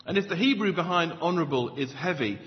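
A man preaches to his congregation with emphatic swings between loud stresses and quiet low asides. His voice sits high and moves a great deal. The recording is dull and lo-fi, with long reverb from the hall. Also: expressive, fast talker. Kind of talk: sermon.

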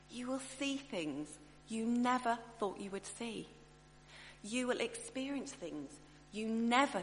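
A woman voicing Jesus as a gentle, earnest man, speaking softly and slowly to coax someone along. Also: medium pitch, close to an everyday voice. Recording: echoey hall, faint hum.

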